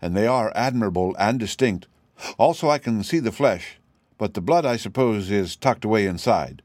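A man's voice: on the low side, animated, moderate pace, darkish tone, no room sound, clean studio sound, natural voice. A man voicing a living wooden sawhorse, earnest and simple, sometimes hesitant. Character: wooden male sawhorse, proud yet meek.

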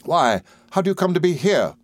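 A man reading an audiobook, voicing a jaunty, self-assured young gentleman. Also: fairly high pitch, sing-song, fairly quick, dry recording, voice pushed up. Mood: breezy. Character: breezy, confident young gentleman. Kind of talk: audiobook character voice.

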